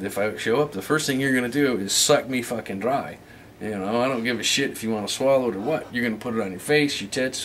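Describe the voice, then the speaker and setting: A man's voice: mid-range voice, a bit bright, a little hiss or hum. Crude, profane man telling a rambling story. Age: 30s. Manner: profane, rambling anecdote with quoted dialogue.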